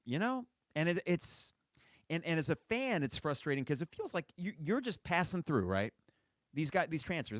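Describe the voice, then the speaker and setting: A man in his thirties hosts a sports fan podcast, ranting with impassioned exasperation as his pitch leaps and dives. His voice sits close on the mic in a dry, dead room with no echo. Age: 30s. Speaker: podcast host.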